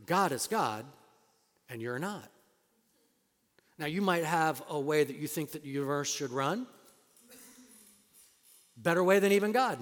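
A man preaching from the pulpit with a slightly raised voice, building to loud emphatic declarations and then dropping to quiet asides. He talks conversationally, with fillers and restarts. His voice carries a long reverb from a large hall. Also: a little high. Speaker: pastor. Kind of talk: sermon.

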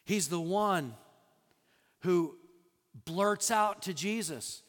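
A man preaching a sermon as a pastor, animated, acting out quoted lines with sudden loud bursts and soft drops. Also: sits high, extremely slow, long pauses, big-room sound.

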